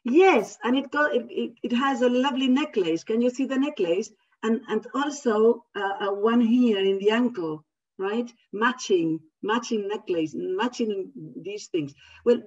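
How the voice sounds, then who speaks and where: A woman educator, not a native English speaker, reading picture books aloud in a workshop in an animated, expressive way. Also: fairly high pitch. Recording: distant, dull lo-fi.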